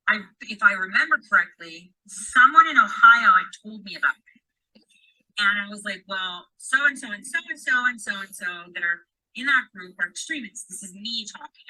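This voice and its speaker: A woman's voice: medium pitch, pushed and bright, poor audio. A woman chatting casually on a podcast, swearing freely and acting out quoted dialogue as she tells a story.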